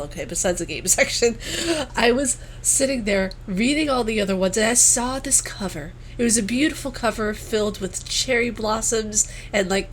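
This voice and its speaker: A woman guest on a podcast, telling stories in casual chat, giggly and animated, swearing casually. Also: medium pitch, slight background noise.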